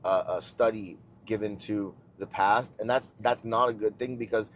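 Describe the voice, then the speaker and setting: A man, a jiu-jitsu coach, explaining his ideas in a steady, teacherly way during casual chat in a car. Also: fairly low pitch, moderate pace, slight background noise. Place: inside a car.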